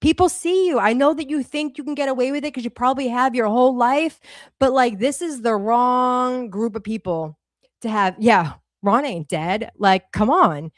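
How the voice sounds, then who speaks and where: A woman's voice: a little high, normal speed, dry recording, clean studio sound. Blunt, profane woman ranting on a stream. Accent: Boston. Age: 40s. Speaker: livestream co-host. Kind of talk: heated casual commentary.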